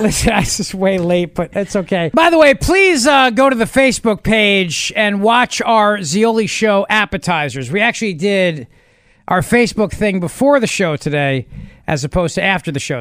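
High-voiced joking radio host. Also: male voice, fairly bright tone, clean tone, no room sound, clean studio sound. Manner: joking, reads listener tweets aloud. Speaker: radio talk show host. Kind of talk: casual talk radio banter. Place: radio studio.

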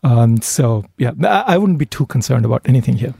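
A man with a gravelly, mellow voice set a little high speaks in halting bursts full of fillers and restarts. He sounds dry and close to the mic. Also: animated, dry recording. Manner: hesitant, many fillers and restarts, laughs easily. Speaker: finance podcast co-host. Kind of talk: casual chat.

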